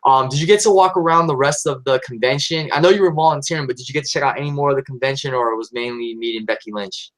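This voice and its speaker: A man's voice: medium pitch, fast, hardly any pauses, fairly bright tone, low-quality recording. A man hosting a casual chat show, speaking enthusiastically and addressing viewers directly. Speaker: host.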